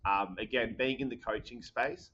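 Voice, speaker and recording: A young Australian man, a podcast guest, talking in an energetic, rambling way with lots of fillers. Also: mid-range voice, moderate pace, dull audio, a little hiss or hum. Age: young adult. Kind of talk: casual podcast chat.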